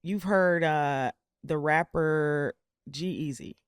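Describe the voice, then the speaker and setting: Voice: medium pitch, extremely slow, clean tone, no echo, studio quality. A speaker in a casual group discussion, arguing back in a challenging way. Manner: challenging, argumentative.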